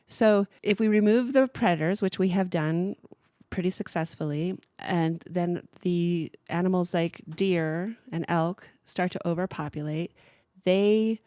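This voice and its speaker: A woman with a somewhat low voice talks through ideas earnestly, often restarting her sentences. Her casual radio-show delivery sounds dry and close, with no room around it. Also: a little mellow, clear, resonant tone, no echo. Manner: earnest, explanatory, many restarts. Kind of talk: casual discussion.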